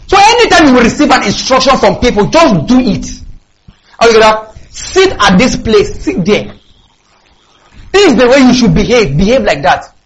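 A man preaching a sermon in a church, emphatic, calling out to the congregation and rising to shouts. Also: extremely high pitch, low-quality recording. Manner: call-and-response with congregation.

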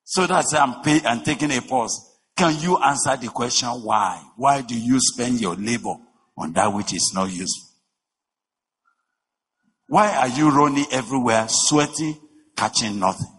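A man preaching a sermon, emphatic, with rhetorical questions, swinging between shouting and a low voice. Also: normal speed, husky. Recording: long reverb of a large hall.

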